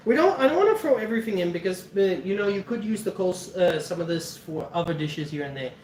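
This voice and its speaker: A man's voice: high-pitched, animated, quick pace, a little mellow. A man chatting casually while he cooks on a livestream, laughing often and swearing freely. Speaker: cooking streamer. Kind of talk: casual cooking livestream chat. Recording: roomy echo, mic at a distance, faint background noise.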